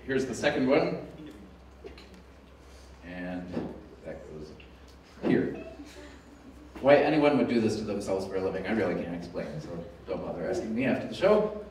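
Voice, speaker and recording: A Denver man performs a live mentalism act on a thrust stage, delivering conversational patter and dry, wisecracking asides. His microphone failed, so he's picked up by the room: a lowish, a little mellow voice with lively intonation, moderate pace, and long pauses, heard from afar in an echoey theater with music behind and a little hiss or hum.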